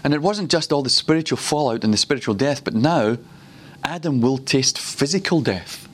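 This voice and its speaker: An animated man from Glasgow, Scotland, with a mid-range voice, teaches a sermon at a ministry school. Telling stories along the way, he slows down and repeats words to stress them.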